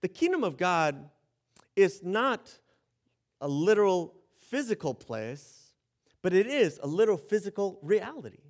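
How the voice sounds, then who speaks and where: A man's voice: high voice, big pitch swings, a little slow. A man preaching a sermon in a conversational way, joking about himself and often restarting phrases. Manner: conversational, self-deprecating, with laughs and restarts. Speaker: pastor.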